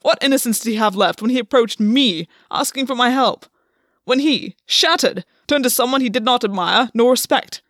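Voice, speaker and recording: A woman's voice: on the high side, moderate pace, fairly bright tone, no echo, clean studio sound. A woman voicing a desperate, bitter male fae king in an audiobook reading, pleading and accusing in a raw tone.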